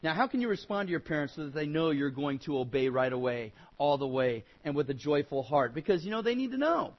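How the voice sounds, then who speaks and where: A man teaching a children's Bible lesson, emphatic and repetitive in how he admonishes, and animated when he acts out whiny kid replies. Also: on the high side, fast, dull audio.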